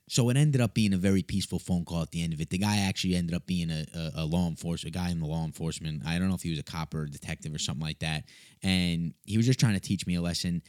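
A young man telling a funny story in a casual, animated way, swearing and mocking himself. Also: low voice, fast, no echo, clean studio sound.

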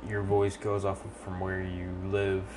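A man's voice: low-pitched, monotone, a little slow, music in the background. A man from the South, rambling and swearing casually as a podcast co-host. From American South. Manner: profane, rambling, talkative. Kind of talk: casual chat.

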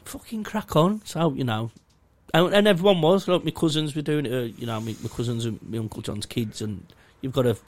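A man's voice: mid-range voice, brisk, hardly any pauses, no room sound. A young man, rambling through a sweary, self-mocking story in casual chat. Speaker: podcast co-host.

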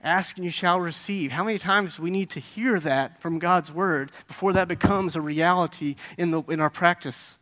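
Male pastor, high bright voice, animated sermon with storytelling and rhetorical questions. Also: moderate pace, hardly any pauses.

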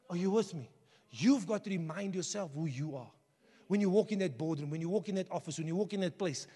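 A man preaching a sermon as pastor, passionate and conversational, building to shouts. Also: high voice, brisk. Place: church hall. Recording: long hall reverb.

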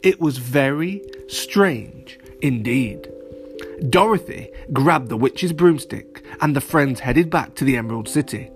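A man narrating a children's story, animated and playful, speaking straight to young listeners. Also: mid-range voice, a little slow, soft background music.

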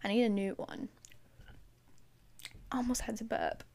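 A woman's voice: a little high, steady tone, unhurried, a little mellow. A woman vlogger talking in a rambling, chatty, self-mocking way. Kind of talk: casual vlog chat.

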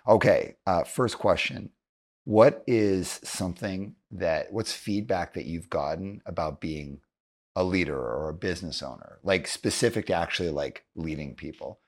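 A man's voice: deep voice, measured pace. A male podcast host asking interview questions casually, rephrasing them as he goes.

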